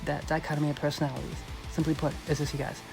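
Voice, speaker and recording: A man's voice: on the high side, little pitch movement, very fast, gravelly, over music. A man hosting a dating-advice podcast, talking emphatically and cockily, swearing and repeating his points to listeners he keeps calling "you guys.". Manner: profane and cocky. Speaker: dating coach podcast host. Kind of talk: coaching podcast monologue.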